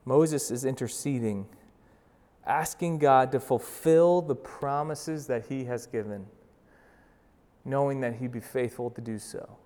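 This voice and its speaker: Man preaching in a reverberant church. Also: mid-range voice. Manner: swings from loud urgent bursts to slow hushed emphasis; conversational, with fillers and restarts. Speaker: pastor. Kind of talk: sermon. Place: church sanctuary. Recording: long reverb of a large hall.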